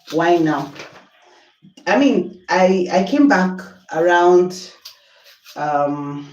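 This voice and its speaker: A woman's voice: lowish voice, a little mellow, echoey room, far from the mic, poor audio. A Nigerian woman chatting on a livestream while cooking at home, exasperated and apologetic. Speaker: livestream host. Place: home kitchen.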